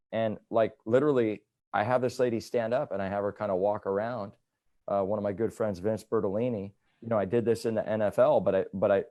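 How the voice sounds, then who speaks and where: Man, lower voice, chiropractor, animated storytelling, casual interview. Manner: animated storytelling, repeats "right?" often.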